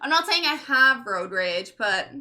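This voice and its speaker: Woman streamer in her thirties, bright piercing voice, rambly casual chat, heavy on "like" and swearing. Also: on the high side, sing-song, unhurried. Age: 30s. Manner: rambling, lots of "like", swears freely. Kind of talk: casual livestream chat, reading chat.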